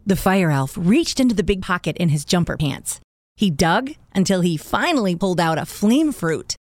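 Expressive female storyteller, animated pitch, dry close sound. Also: normal speed, dry recording. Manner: expressive, playing sound words. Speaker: narrator. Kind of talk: scripted children's story narration.

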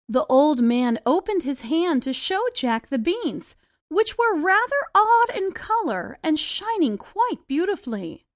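A woman narrating a children's storybook in a deliberate, expressive way. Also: extremely high pitch.

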